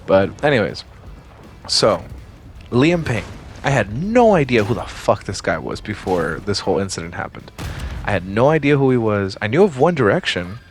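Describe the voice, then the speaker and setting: A man's voice: lowish voice, sing-song, moderate pace, soft background music. Rambling, cursing man telling a story. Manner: rambling, profane, full of fillers. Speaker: former security guard telling a story. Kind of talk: casual storytelling vlog.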